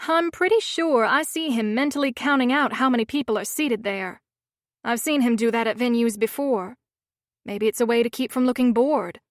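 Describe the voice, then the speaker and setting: A woman's voice: fairly high pitch, moderate pace, no echo, clean studio sound. A woman narrating a romance audiobook in the first person, with a wry, sardonic manner.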